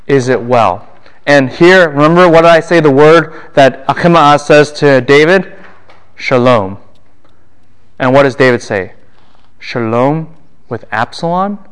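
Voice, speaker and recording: In a university lecture on a Bible passage, a man with a clear, resonant voice speaks a little slowly. He fires questions at the class and answers them himself, acting out quoted lines with big jumps in pitch and volume.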